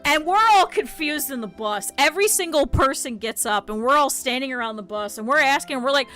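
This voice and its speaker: A woman streamer telling stories in casual, animated, profane talk, laughing often. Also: high-pitched, a little fast, hardly any pauses, soft background music. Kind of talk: casual livestream storytelling.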